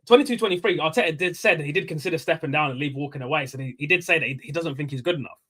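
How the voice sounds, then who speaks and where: A young man hosting a casual post-match fan livestream, rambling and excitable. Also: fairly high pitch, very fast. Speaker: livestream host.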